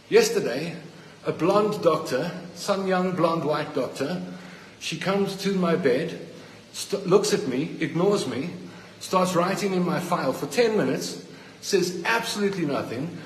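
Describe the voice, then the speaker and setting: A middle-aged South African man, a hospital patient, angrily films a rant on the phone he's holding in a ward. His voice is on the high side with a South African English accent, and he sounds indignant, accusing, and fired up. The audio is poor and reverberant, like a large hall, with slight background noise.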